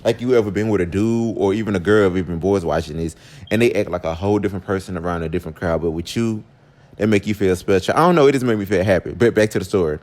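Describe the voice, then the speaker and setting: A man telling a story in a casual vlog, chatting straight to his viewers with sudden jumps in pitch. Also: quick pace, darkish tone.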